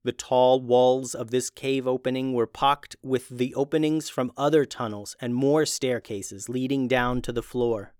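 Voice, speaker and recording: A man's voice: mid-range voice, steady tone, a little slow, hardly any pauses, a little mellow, smooth, dry recording, studio quality. Man reading a children's adventure story.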